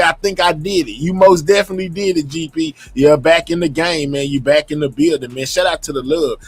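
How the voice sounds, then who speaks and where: A man hosting a casual livestream, talking to his chat in an animated, slangy way. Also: fairly high pitch, husky, no room sound. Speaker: livestream host. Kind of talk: casual live commentary.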